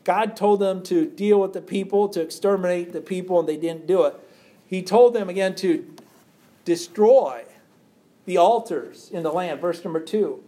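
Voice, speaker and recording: Earnest preacher man, slightly high voice. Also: moderate pace, mellow. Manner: reads scripture aloud then explains it, with repeated rhetorical questions. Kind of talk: sermon.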